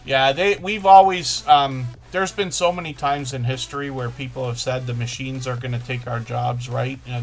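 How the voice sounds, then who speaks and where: Fast-talking man hosting a live chat. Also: medium pitch. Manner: fast-talking, self-correcting, chatty. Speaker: livestream host.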